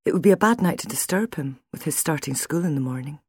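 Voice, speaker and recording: A woman reading an audiobook, voicing a frightened young wife with a hoarse, shaky, breathless voice, raised in pitch and sometimes whispered. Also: lively intonation, quick pace, darkish tone, no echo. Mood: calmer. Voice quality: hoarse, strained. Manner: shaky, breathless, near tears.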